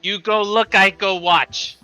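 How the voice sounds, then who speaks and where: A man's voice: sits high, steady tone, slow pace, clean tone, soft background music, heavily acted. A man voicing a hungry, pouting young male dragon who talks in clipped broken phrases. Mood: grumbling. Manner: shouting in clipped caveman grammar.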